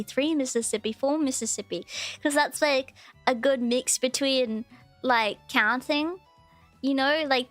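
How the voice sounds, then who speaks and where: A woman's voice: high voice, fairly bright tone. A woman VTuber streaming, chatting casually, rambling and reacting to her chat with frequent giggles.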